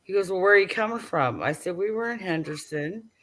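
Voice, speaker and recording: A woman's voice: fairly low pitch, animated, brisk, fairly bright tone. An older woman, a grandmother, chatting casually and telling a story, acting out the people she quotes and laughing often. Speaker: host.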